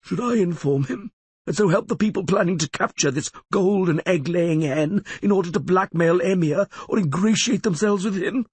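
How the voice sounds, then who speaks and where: A man's voice: sits high, normal speed, darkish tone, slightly rough, dry recording. A man voicing a cunning, sickly male lawyer who sneers with cynical scorn, in an audiobook. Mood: scornful.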